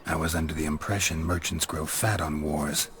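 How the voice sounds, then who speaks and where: An actor playing a stoic, gruff monster hunter in a video game, speaking tersely. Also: male voice, very deep voice, steady tone, moderate pace, fairly bright tone, slight background noise. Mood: level. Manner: terse and level.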